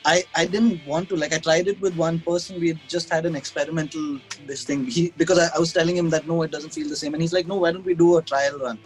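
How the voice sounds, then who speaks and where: A man speaks in a fairly high voice, chatting casually as a guest over a video call. He rambles, restarts his sentences and pokes fun at himself. Faint music plays in the background. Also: fairly even intonation, quick pace, few pauses, low-quality recording. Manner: rambling, self-mocking, frequent restarts and laughs.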